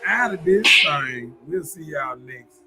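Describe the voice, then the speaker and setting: A man's voice: fairly high pitch, expressive, slow, over loud music. A man hosting a casual live-stream chat, joking and laid-back as he talks. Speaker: show host.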